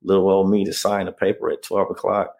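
Man, very low voice, gravelly, earnest storytelling, interview guest. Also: little pitch movement, fairly quick, darkish tone. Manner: earnest, keeps asking "you know what I mean?". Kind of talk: emotional personal storytelling.

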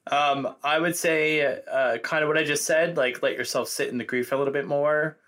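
Bright-voiced man, loose and reflective. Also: a little high, steady tone, moderate pace. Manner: reflective, loose and rambling with many fillers. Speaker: guest writer. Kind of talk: casual conversational interview.

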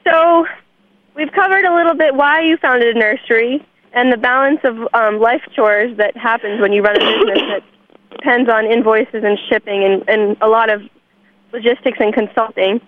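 A woman hosting a radio interview, thoughtful and pausing with frequent fillers. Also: fairly high pitch. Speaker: radio host. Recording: tinny phone line.

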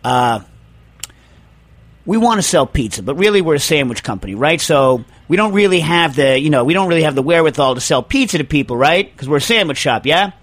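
A man's voice: on the high side, lively intonation, a little fast, a bit bright, dry recording. A man voicing a pushy male corporate boss rallying his staff in a coaxing way.

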